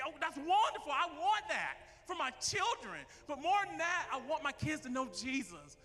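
A man preaching a passionate sermon to his church as its minister, at times shouting. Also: very high-pitched, very animated, normal speed, hardly any pauses, big-room sound. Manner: impassioned preaching, rising to shouts. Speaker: pastor. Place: church sanctuary.

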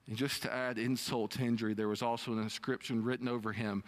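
A man preaching a sermon, reading scripture and retelling it with expressive rises and drops. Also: fast talker, few pauses. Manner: expressive preaching with dramatic pitch swings when quoting scripture. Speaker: pastor.

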